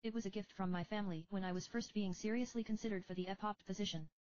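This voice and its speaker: A woman voicing a gentle, breathy young priestess girl who speaks softly and politely in a storybook reading. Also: mid-range voice, fairly even intonation, fast, no room sound, lo-fi sound, pitched above the performer's own voice, natural voice. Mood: earnest.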